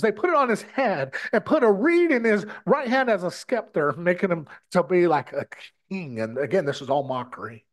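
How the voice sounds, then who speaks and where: A man's voice: high-pitched, animated, moderate pace. A man from the United States preaching a sermon in an impassioned way, often stumbling and repeating his words as he addresses his brothers and sisters.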